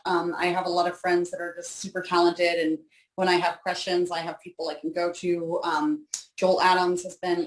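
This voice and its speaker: A woman's voice: lowish voice, echoey room, poor audio. A woman, an inker guest in an interview, chatting casually and poking fun at herself. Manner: chatty, self-deprecating, laughs often.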